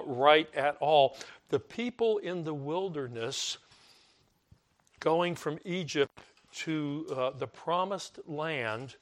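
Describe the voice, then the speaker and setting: An older man gives a loose, conversational sermon in a slightly raised pitch. He leans on repetition and slips into mock complaining voices as he makes his point. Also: fairly bright tone. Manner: conversational, repeats words for emphasis, mimics complaining voices. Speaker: preacher.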